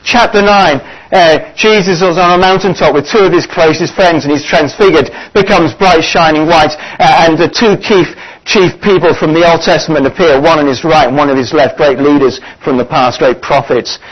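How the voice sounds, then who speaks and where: Guy preaching a sermon, kinda high voice, lots of uh's, dull lo-fi sound. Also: slightly rough. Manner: earnest, pausing with frequent "uh" fillers. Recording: dull lo-fi recording.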